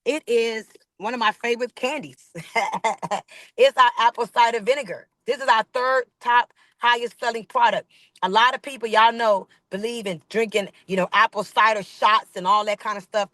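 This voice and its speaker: A high-pitched woman with a bright, forceful voice talks up products on a team training call. She sounds hyped and preachy and repeats phrases for emphasis. The sound is dry and close, with no room echo. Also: fairly even intonation, moderate pace. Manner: hyped, preachy, calls the audience "baby" and "y'all". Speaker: network marketing leader hosting a team training call. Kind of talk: energetic motivational sales pitch.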